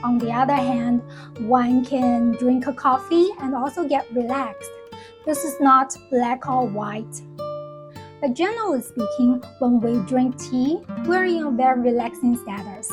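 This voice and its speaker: A woman, hosting a vlog and explaining things to camera in a relaxed, gently persuasive way. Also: sits high, measured pace, over music. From China. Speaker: vlog host.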